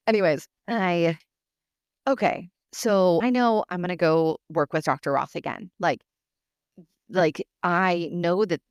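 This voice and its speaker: A woman's voice: lowish voice, no room sound, studio quality. A woman hosting her own podcast, earnestly telling a personal story with many fillers and restarts. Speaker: podcast host.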